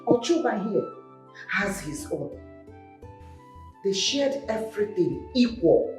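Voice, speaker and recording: Eine gekränkte, klagende Witwe. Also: female voice, mid-range voice, very animated, over music. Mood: aggrieved. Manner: slow, plaintive. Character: aggrieved widow pleading before the king. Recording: echoey, from a distance.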